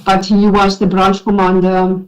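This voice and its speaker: A South African woman testifying as a witness at a formal inquiry, emotional and shaky, speaking earnestly with halting restarts. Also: medium pitch, monotone. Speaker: witness, former police investigator. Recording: dull lo-fi hearing recording.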